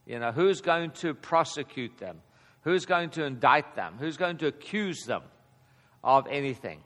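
A man in his fifties teaching a Bible passage in a relaxed, conversational way, chuckling often and getting animated at key points. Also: on the high side, unhurried. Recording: long hall reverb.

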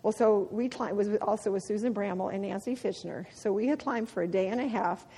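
A middle-aged women's ministry speaker gives a devotional talk, her medium-pitched voice brisk and slightly rough. She tells personal stories in an animated way, laughing often, with long hall reverb on the recording.

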